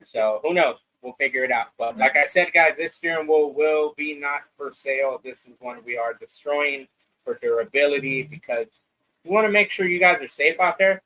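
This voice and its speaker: Bright-voiced casual podcast host, profane. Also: male voice, on the high side, moderate pace, rough recording. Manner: loose, profane, rambling. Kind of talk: casual live-stream chat.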